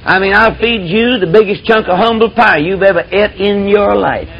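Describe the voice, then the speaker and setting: A man's voice: high-pitched, normal speed. A man preaching a sermon in a folksy, emphatic, drawling storytelling manner. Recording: dull lo-fi tape with faint hiss.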